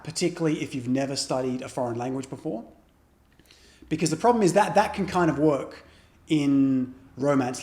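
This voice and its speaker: A man's voice: medium pitch, darkish tone, echoey room. A man explaining a beginner language lesson, patiently repeating example phrases. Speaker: Chinese language teacher.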